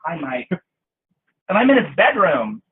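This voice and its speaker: A man guest in an interview, telling animated, theatrical stories in a casual chat. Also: fairly high pitch, measured pace, slight background noise. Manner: lively, theatrical storyteller with bursts of laughter. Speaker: guest, actor. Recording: tinny lo-fi line.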